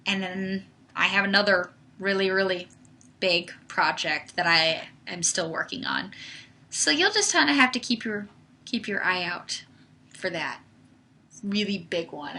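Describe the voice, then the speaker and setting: There's vocal fry in this young woman's bright, pushed, mid-range voice, and she takes her time speaking. As a casual livestream host, she answers viewers chattily, saying "like" often along with "um."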